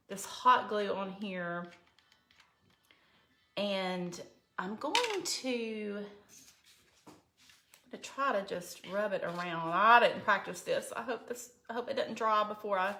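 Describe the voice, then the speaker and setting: A woman's voice: mid-range voice, vocal fry, fairly bright tone. A middle-aged woman hosts a casual crafting livestream, chatting with viewers by name and growing teary at times. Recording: echoey room with faint background noise.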